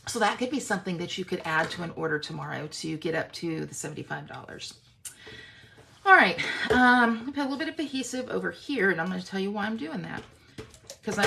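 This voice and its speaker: Chatty woman with a gravelly edge. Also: mid-range voice, a bit bright, a little hiss or hum. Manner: chatty, self-teasing, frequent "okay?" check-ins. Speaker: craft tutorial host. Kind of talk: casual craft demonstration.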